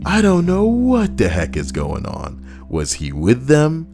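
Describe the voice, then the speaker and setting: A man's voice: a little high, slow, gravelly. A man streaming casually, reading stories aloud and joking sarcastically with his chat. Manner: animated, sarcastic, jokes with chat. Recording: soft background music.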